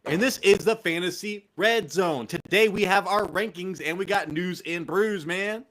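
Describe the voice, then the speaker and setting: A man's voice: high-pitched, normal speed, a bit bright. A young man with a Californian accent, hosting a casual fantasy football show with loose, profane, laughing banter. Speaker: podcast host.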